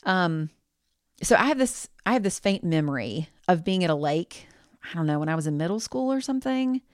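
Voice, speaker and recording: A woman's voice: lowish voice, expressive, fairly quick, no echo, studio quality. A woman hosting her own podcast, giving a candid, reassuring pep talk. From United States. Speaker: podcast host.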